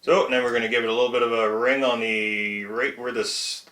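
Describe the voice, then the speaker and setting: A man's voice: mid-range voice, little pitch movement, a little fast, hardly any pauses, bright, forceful tone, echoey room. A man hosting a casual hobby repair vlog, chatty and self-mocking, chuckling at his own mistakes while he works. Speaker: RC truck hobbyist channel host. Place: home shed workshop.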